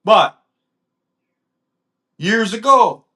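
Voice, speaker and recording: A man in a casual chat, telling stories in a rambling way with halting restarts. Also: sits high, animated, pushed and bright.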